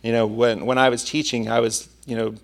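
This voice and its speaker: Man, preacher, sermon, conversational storytelling, gravelly voice. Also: mid-range voice, little pitch movement, a little fast.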